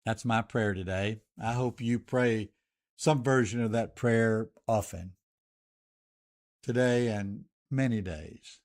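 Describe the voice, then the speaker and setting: An older man with a Southern US accent hosting a radio show. He gives a reflective commentary and a prayer in a measured, listing cadence. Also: fairly low pitch, darkish tone. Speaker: radio host.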